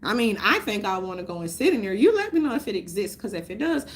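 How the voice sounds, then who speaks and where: A woman, ranting loudly and profanely to her viewers, laughing often. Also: medium pitch, big pitch swings, fast talker, slight background noise. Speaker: vlogger. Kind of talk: unscripted rant to camera.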